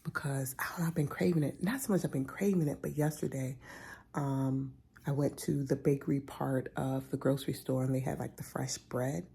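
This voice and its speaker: A woman's voice: extremely low pitch, steady tone, fairly quick, creaky, warm tone, husky. A woman vlogger talking casually about food, sometimes dropping into a whisper. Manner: chatty, drifts into whispers. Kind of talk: casual vlog chat.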